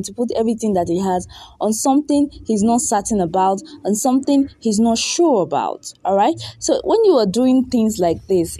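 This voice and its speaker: A woman's voice: mid-range voice, dark tone, husky, dry recording. A young woman hosting a radio breakfast show, bubbly and chatty, repeating words for emphasis. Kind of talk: energetic radio talk.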